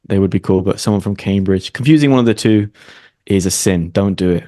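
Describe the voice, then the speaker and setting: Laid-back oxford guy, low voice, dry jokes, chatting as a guest. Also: fast talker, mellow, no echo. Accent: British English, Oxford. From Oxford, England. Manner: laid-back, dry humour, laughs often. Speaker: guest, online English teacher. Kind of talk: casual conversation.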